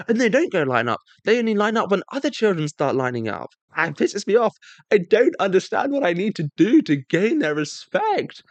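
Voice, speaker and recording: A young man telling a sarcastic comedic monologue, mock-self-righteous, breaking into shrill squeaky voices when he mimics kids. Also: big pitch swings, fairly quick, no echo. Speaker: comedic storyteller.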